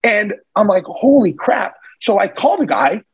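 A man guest on a podcast, telling a story in a casual, animated way and acting out the voices of the people in it. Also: high-pitched, brisk, breathy edge, rough recording. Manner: animated, acts out voices in his stories. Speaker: podcast guest, real estate investor.

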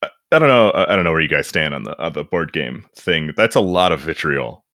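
A man with a low voice talks animatedly on a casual podcast. He laughs easily and restarts his sentences as he goes. The sound is dry and close. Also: a little fast, no room sound. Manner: animated, laughs while reading, restarts often. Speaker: podcast guest reading reviews.

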